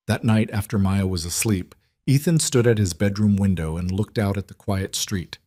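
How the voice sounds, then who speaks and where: A man narrating a scripted emotional story in an even, measured storytelling manner. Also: fairly low pitch, no echo, studio quality.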